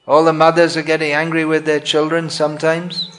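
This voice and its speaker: A man's voice: fairly high pitch, little pitch movement, normal speed, hardly any pauses, a bit bright, soft background music. A man giving a devotional talk on scripture, thoughtful and self-correcting, sometimes acting out the scenes he explains.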